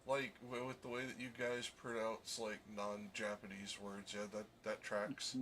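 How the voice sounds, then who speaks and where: A man with a lowish voice and a bright, forceful tone joins a casual group discussion. He talks in an animated way, with many fillers, and there is faint background noise. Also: measured pace. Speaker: discussion participant.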